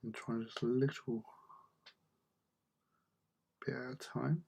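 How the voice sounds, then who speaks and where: A man's voice: mid-range voice, fairly even intonation, takes it slowly, gravelly, darkish tone, husky. A man chatting casually while he paints miniatures, muttering to himself as he works. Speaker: hobby painter.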